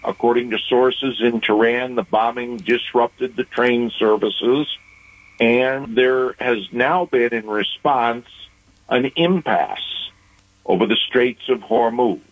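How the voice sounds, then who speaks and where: Male guest analyst, unhurried and emphatic, dry phone-line radio sound. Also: mid-range voice, no echo. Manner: measured, deliberate delivery with emphatic pauses. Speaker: foreign affairs commentator. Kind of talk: analytical news commentary.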